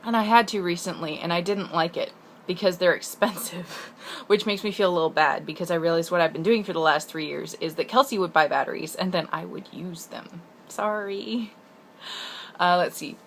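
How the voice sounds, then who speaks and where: A young woman from the Pacific Northwest rambling in a casual video letter to her sister, chatty and self-deprecating with quick asides. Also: on the low side, slight background noise. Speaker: vlogger.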